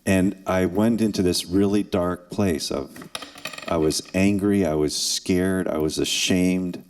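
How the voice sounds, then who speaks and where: A man in his sixties speaks at a forum for students in a deep, low voice. He tells his story in an earnest way, with dramatic pauses and acted quotes. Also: steady tone, darkish tone. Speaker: former NFL kicker and forum speaker. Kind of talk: emotional personal storytelling to students. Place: event hall.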